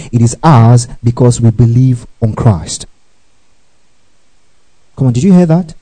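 A man preaching a sermon, urging the congregation to repeat his words and rising to loud, high exclamations. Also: poor audio. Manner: call-and-response, urging the congregation to repeat after him.

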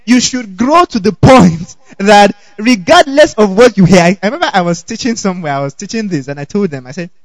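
A male preacher delivers a sermon with a notably high voice. He talks in an animated way, constantly checking in with the congregation and laughing lightly between points. The sound is dry and close. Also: fairly quick, hardly any pauses, no room sound, rough recording. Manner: animated, keeps asking the congregation "okay?".

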